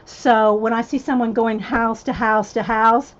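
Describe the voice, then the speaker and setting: A woman's voice: fairly high pitch, fairly even intonation, a little slow, muffled recording. A woman, chatting casually with live-stream viewers at home, a little out of breath, greeting them by name. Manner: chatty, addresses viewers by name, drawls "y'all". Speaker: host of a craft live stream.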